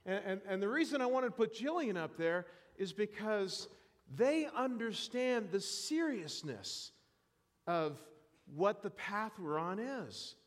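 A man preaching a sermon in church, animated and self-deprecating, joking with the congregation. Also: high-pitched, unhurried, long reverb tail. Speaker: pastor.

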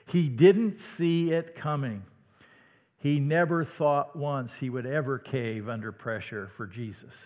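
A man from Iowa with a slight Midwestern accent, preaching a sermon in a conversational way that sometimes drops to a hush. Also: mid-range voice, takes it slowly, lo-fi sound. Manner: conversational, dramatic dips to a hush. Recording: long hall reverb.

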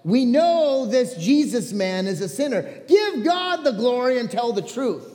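A pastor playing scolding temple leaders. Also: male voice, very high voice, big pitch swings, measured pace, a little mellow, big-room sound, voice pushed up, heavily acted. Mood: indignant. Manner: accusing, scolding. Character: indignant male religious leaders, scolding.

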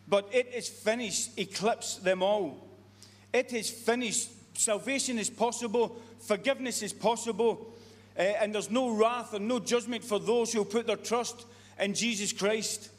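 A man preaching a sermon, earnest and repetitive, often restarting his sentences. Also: high-pitched. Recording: long reverb of a hall.

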